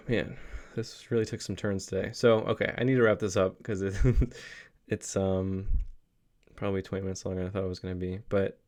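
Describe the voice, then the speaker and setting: A man's voice: low-pitched, flat delivery, normal speed, darkish tone. A young adult man talking to his kids in a casual, reflective vlog, rambling earnestly with many fillers and restarts. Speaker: father vlogging a daily reflection.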